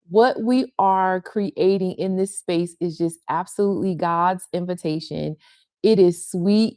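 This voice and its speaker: A woman's voice: on the low side, a little mellow, dry recording. A middle-aged woman leads a casual online women's gathering from her sun porch. She talks to viewers over a video call, greeting each by name with affectionate enthusiasm. The sound is dry, with little room around her voice. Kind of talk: casual welcome and chat with viewers.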